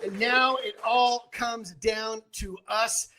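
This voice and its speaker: A man in his fifties working as an auctioneer, emceeing a gala with boisterous, crowd-rousing energy and shouted cheers over a video call. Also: extremely high pitch, fairly even intonation, takes it slowly, heavy background noise.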